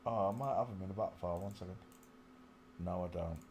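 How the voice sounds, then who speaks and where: A deep-voiced man hosts his own live stream from home on a small desk microphone, talking a little fast with background noise audible. He mutters to himself, speaks to viewers, and now and then sings a snatch of a song.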